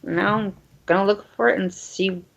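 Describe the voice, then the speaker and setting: A woman's voice: mid-range voice, fairly even intonation, moderate pace, creaky, fairly bright tone, a little hiss or hum. A woman playing a breezy country fire-cultist. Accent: American Southern country. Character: female fire-cult devotee on a quest. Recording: dull lo-fi sound.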